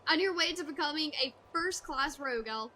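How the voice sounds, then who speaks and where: A woman's voice: sits high, lively intonation, fairly quick, bright, forceful tone, slight background noise. A woman reading as a salty pirate guildmaster. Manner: salty seafaring speech, calls others lass. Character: gruff male pirate guildmaster of rogues. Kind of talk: reading game dialogue aloud.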